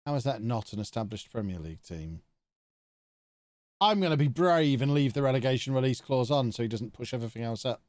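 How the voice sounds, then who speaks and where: A man's voice: medium pitch, animated, a little fast, a little mellow, no echo, clean studio sound. A man, talking to himself in chatty commentary while streaming a video game live. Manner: chatty, thinking aloud to himself.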